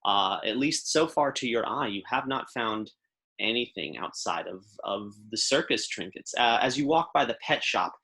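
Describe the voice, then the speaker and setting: A man's voice: medium pitch, lively intonation, moderate pace, pushed and bright. A man narrating a tabletop game as game master, in loose, rambling descriptions full of fillers and restarts.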